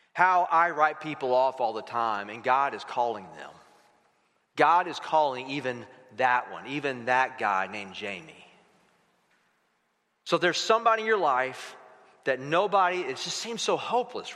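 A middle-aged male pastor giving a sermon, telling stories in an animated way and acting out the dialogue. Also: medium pitch, a little slow. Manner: storytelling, animated, acts out dialogue. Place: church sanctuary. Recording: long hall reverb.

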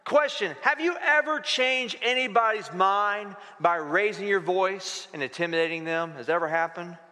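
A man's voice: high voice, normal speed, sharp tone. A man in his forties preaching a sermon as a pastor, conversational and full of rhetorical questions. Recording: reverberant hall.

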